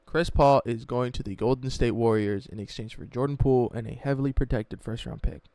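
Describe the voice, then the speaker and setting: A man telling a sports story in a mocking, animated, profane way, as a sports YouTuber. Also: medium pitch, a little fast, no echo, clean studio sound.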